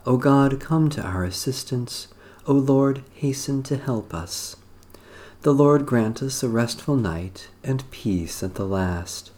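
Male prayer leader, unhurried and solemn, mellow dark tone. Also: medium pitch, expressive. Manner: measured, solemn liturgical reading. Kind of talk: slow recited evening prayer.

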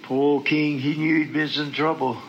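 A man preaching a sermon, going from quiet scripture reading to shouted praise and talking folksy and direct to the congregation. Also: fairly high pitch, little pitch movement, normal speed, lo-fi sound, a little hiss or hum. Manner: folksy, talks straight to the congregation.

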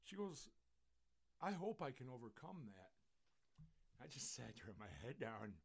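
A man's voice: medium pitch, big pitch swings, measured pace, vocal fry, husky. A man who is a pastor, telling a story and then preaching a fervent sermon. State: tearful.

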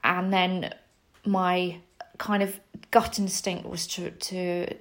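A young adult woman telling a personal story, candid and self-deprecating, with lively asides when she quotes her younger self. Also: lowish voice, takes it slowly.

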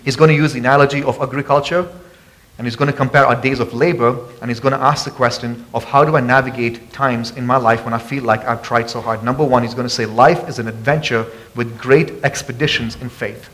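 A man preaching a sermon as pastor, passionate and calling out to the congregation for responses, often rising loud and high for emphasis. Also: fairly even intonation, a little fast. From abroad. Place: church sanctuary.

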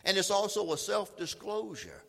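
Pastor guy preaching, kinda high bright voice, big echoey church sound. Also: big pitch swings, normal speed, creaky. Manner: preaching, reads scripture aloud with emphasis. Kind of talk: sermon.

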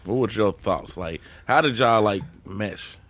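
A man's voice: on the low side, a little slow, fairly bright tone. Slangy, laid-back male podcast host. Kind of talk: casual podcast chat.

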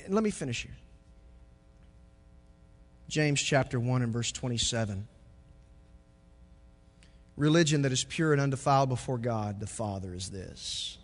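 A pastor preaching a sermon, moving from quiet reflection to loud, joking stretches. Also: male voice, mid-range voice, big-room sound.

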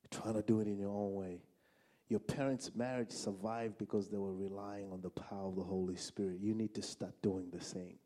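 A man voicing God as a calm, solemn male voice, speaking slowly and gravely. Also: lowish voice, voice pushed down, close to an everyday voice.

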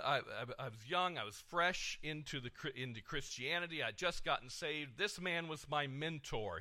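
Middle-aged male preacher, bright and somewhat high, animated sermon delivery. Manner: animated preaching, swings from soft to loud, repeats words. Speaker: pastor.

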